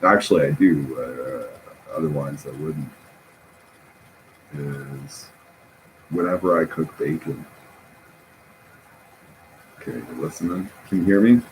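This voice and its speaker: A man talking in a rambling, halting casual monologue, often laughing at his own jokes. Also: a bass voice, slight background noise, poor audio.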